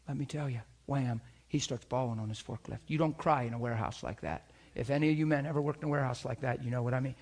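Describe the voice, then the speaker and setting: A man preaching a sermon, telling a personal story and acting out the dialogue with lively, shifting energy. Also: slightly rough. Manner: animated storyteller acting out dialogue, pitch jumping up when excited. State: crying while retelling.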